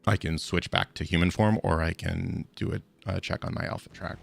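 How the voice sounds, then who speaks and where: A man's voice: low-pitched, fairly even intonation, brisk, vocal fry, slightly rough. A man playing a tabletop role-playing game, chatting casually and hesitating with fillers.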